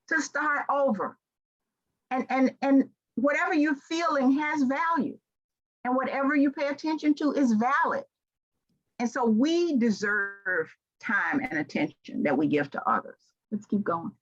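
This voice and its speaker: A woman's voice: high-pitched, fairly bright tone. An older woman from Memphis with a Southern accent, giving a heartfelt, folksy motivational talk to an audience. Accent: Southern American. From Memphis, Tennessee. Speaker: keynote speaker. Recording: dull lo-fi sound.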